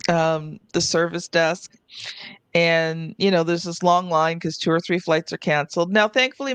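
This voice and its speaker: A woman's voice: mid-range voice, a bit bright, clean tone, no room sound. A woman hosting a podcast, telling a personal travel story in a chatty way with many fillers. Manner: chatty, uses many "like" fillers, mimics others. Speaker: podcast host. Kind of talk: casual chat, personal anecdote.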